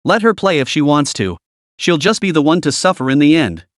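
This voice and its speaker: A smug, self-assured young husband, read by a man in a recapped comic story, with a teasing, mocking way of talking. His voice sits fairly high and moves about a lot, recorded close and dry. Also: very animated, brisk, no room sound.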